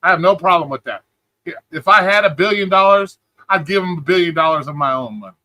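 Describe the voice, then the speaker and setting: A man's voice: high voice, expressive, fast talker, sharp tone, dry recording. A man hosting a livestream, ranting in a profane, mocking way and talking back to chat. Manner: profane, mocking, mimics people in a whiny voice. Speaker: livestream host.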